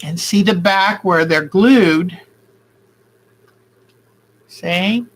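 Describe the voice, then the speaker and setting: A woman's voice: on the low side, extremely slow, low-quality recording. A woman at home showing her quilting work in a casual, rambling way, thinking aloud as she goes. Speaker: quilting vlogger. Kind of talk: casual craft demonstration.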